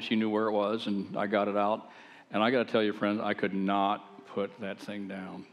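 A man preaching, telling his own testimony in a folksy, animated, conversational way with self-deprecating humor. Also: on the low side, slight background noise. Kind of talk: folksy storytelling sermon. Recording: long hall reverb.

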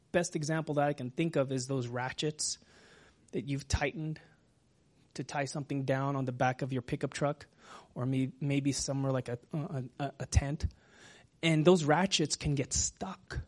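A man preaching a sermon as pastor, talking gently and sometimes dropping to a whisper. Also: fairly high pitch. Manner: slow, gentle, drops to a whisper at times.

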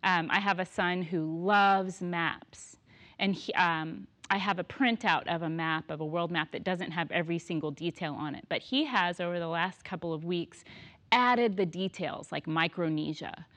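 A woman in her thirties telling stories in casual conversation, laughing often and animated. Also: lowish voice, moderate pace. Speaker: guest.

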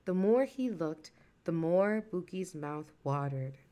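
A woman narrating a folktale in a lively, expressive storytelling voice. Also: on the low side, takes it slowly.

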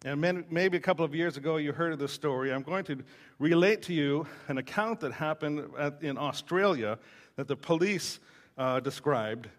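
Man, pastor, preaching; teasing storyteller with a fairly high voice, lots of "uh"s. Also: moderate pace. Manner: joking, storytelling, many fillers. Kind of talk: sermon.

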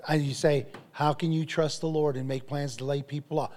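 Animated storytelling preacher man. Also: fairly high pitch, fairly quick. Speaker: pastor. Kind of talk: sermon.

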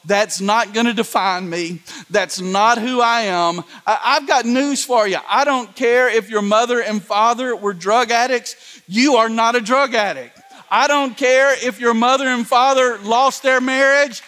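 A man's voice: extremely high pitch, fairly bright tone. A middle-aged man preaching a sermon as pastor, emphatic, repeating phrases and calling on the congregation to answer. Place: large church hall. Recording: long hall reverb.

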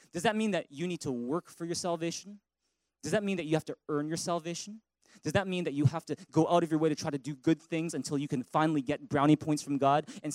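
A male pastor delivering a lively, playful sermon, telling stories and leading his congregation in call-and-response. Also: a little high, no echo, rough recording. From Canada. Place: church sanctuary.

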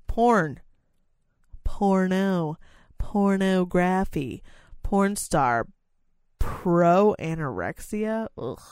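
A woman co-hosting a casual podcast, crude and giggly, reading out a list in a flat drawl between bursts of banter. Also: lowish voice, vocal fry, clean tone, no room sound, studio quality. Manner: crude, giggly, reads lists flatly. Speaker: podcast co-host.

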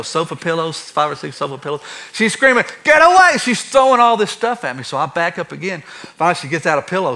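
Bright-voiced storytelling pastor. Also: male voice, fairly high pitch. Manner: animated, acts out stories with shifting loudness. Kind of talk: sermon with personal storytelling.

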